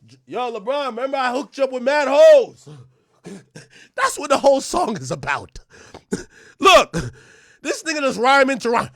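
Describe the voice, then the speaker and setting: A man hosting a livestream, ranting loudly and profanely, often laughing and now and then rapping lines in a casual chat. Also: extremely high pitch, very animated, normal speed, long pauses, dry recording, studio quality. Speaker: livestream host.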